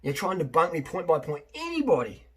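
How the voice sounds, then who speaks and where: A man's voice: a little high, wildly swooping pitch, brisk, slightly rough. A man, a fitness coach, talking in a casual, rambling monologue, emphatic and prone to repeating himself.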